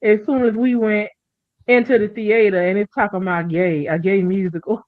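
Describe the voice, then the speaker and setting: A woman's voice: medium pitch, steady tone, normal speed, dry recording. A woman chatting casually on a talk show, telling stories in a rambling way and acting out what people said. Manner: rambling storyteller who acts out quotes. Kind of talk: casual chat. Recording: dry, dull lo-fi sound.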